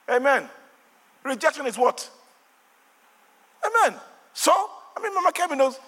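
An older man with a Nigerian accent, a pastor preaching a fervent sermon with shouted refrains and call-and-response, in a church hall with long reverb. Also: very high-pitched, sing-song, measured pace, long pauses.

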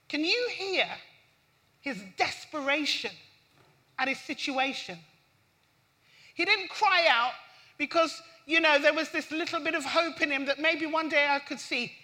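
A woman preaching a sermon, reading scripture and speaking with impassioned emphasis. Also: bright, forceful tone. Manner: impassioned, rising pitch on emphasis.

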